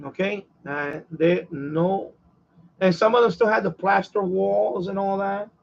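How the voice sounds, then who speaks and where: A man's voice: high-pitched, a little slow, gravelly, dull audio. A man with a New York accent chatting casually and repetitively on his radio hobby live stream. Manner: repetitive, conversational, chuckles often. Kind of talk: casual rambling chat.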